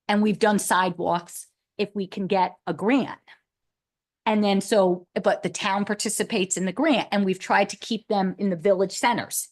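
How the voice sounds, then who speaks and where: Woman, committee member at a town meeting; discursive, talks through the issue with many restarts. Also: mid-range voice. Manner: thinking aloud, rambling with restarts and "like". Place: meeting room.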